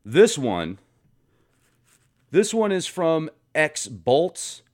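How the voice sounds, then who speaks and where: A man's voice: a little high, very animated, drawn-out words, darkish tone. A man hosting a comedic vlog from his garage, reading viewer comments in a playful, sarcastic manner. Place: home garage.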